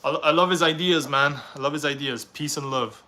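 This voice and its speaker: A man's voice: fairly high pitch, a little fast, bright, forceful tone, slight background noise. A young man from Canada, reading viewers' questions aloud on a live stream and answering them in a casual, rambling way.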